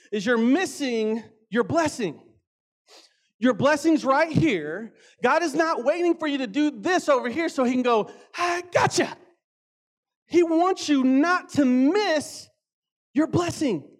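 This very high-voiced man gives a sermon that feels like a conversation, full of energy. Stretched-out key words and frequent asides to the crowd mark his delivery.

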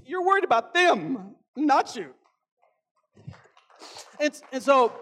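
A man delivers an animated, conversational sermon in a very high-pitched voice. He draws out key words for emphasis and frequently turns aside to address the audience.

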